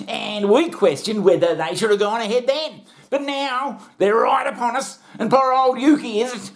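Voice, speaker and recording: An Australian man hosting a comedy show, rambling and swearing through a sarcastic rant. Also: sits high. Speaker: comedy host. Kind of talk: comic rant.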